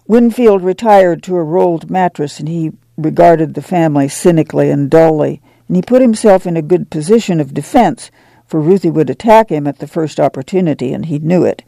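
A man narrating an audiobook in a measured, unhurried way. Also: fairly high pitch, creaky, mellow, dry recording.

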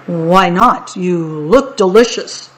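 A woman's voice: fairly low pitch, takes it slowly. A woman reading aloud, voicing a hungry boastful male troll who chants rhymes and stammers when frightened. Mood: gloating. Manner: sing-song rhyming, stammering when scared.

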